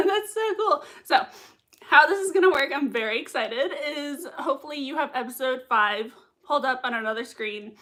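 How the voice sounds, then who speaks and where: A woman's voice: high-pitched, big pitch swings, a little slow, a bit bright. A young woman hosting a casual livestream, reacting to a TV episode with bubbly, giggly chatter and reading chat comments aloud. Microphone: desk mic with earbuds.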